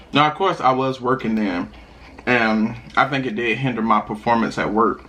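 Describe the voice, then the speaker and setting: A young man talks casually at his dinner table, spinning a personal story for his viewers while he eats. His voice sits mid-range but leaps high with sudden laughs, loose and animated. A faint hum sits under the recording. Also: measured pace. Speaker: mukbang vlogger.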